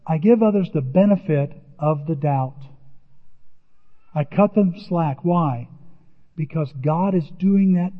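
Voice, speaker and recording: A man preaching a sermon, emphatic and animated, often exclaiming and repeating words as he reads verses. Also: high-pitched. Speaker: pastor. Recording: reverberant hall, dull lo-fi sound.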